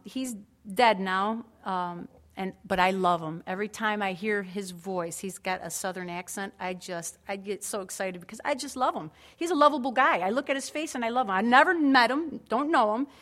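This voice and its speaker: A woman's voice: a little high, fairly bright tone. A woman preaching a sermon in an earnest, emphatic way, with conversational asides to the congregation.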